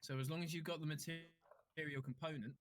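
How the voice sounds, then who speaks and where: A man playing his character in a tabletop game, excitable and joking. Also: on the high side, fairly quick. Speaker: player. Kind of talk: casual tabletop play chat.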